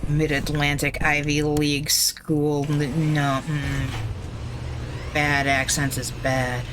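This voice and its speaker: A woman's voice: sits low, little pitch movement, slow pace, background noise. A woman streaming a video game, commenting casually in a blunt, opinionated way with plenty of swearing.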